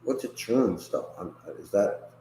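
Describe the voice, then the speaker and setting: A man's voice: on the low side, unhurried, dark tone, echoey room, slight background noise, rough recording. A man hosting a casual livestream chat, rambling and profane, laughing often between remarks. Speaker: host.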